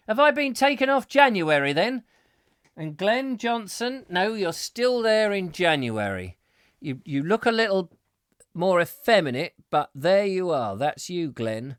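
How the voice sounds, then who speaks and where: A man's voice: fairly high pitch, clean tone, no room sound. Man, live comedy host, rambling banter, dry close sound. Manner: jokey, rambling, self-mocking. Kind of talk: comic live chat show.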